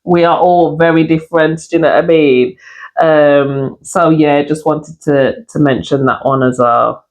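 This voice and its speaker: A woman co-hosting a podcast, talking casually with lots of fillers and quick laughs. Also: sits low, steady tone, darkish tone, poor audio. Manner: chatty, many fillers and laughs. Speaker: podcast co-host. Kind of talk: casual discussion.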